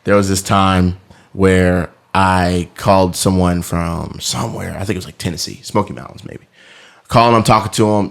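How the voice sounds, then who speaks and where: A deep-voiced man in loose podcast banter. He tells stories with animated bursts and slips into fast salesman voices. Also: gravelly. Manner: animated storyteller, slipping into phone-sales voices. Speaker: podcast co-host. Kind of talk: casual chat.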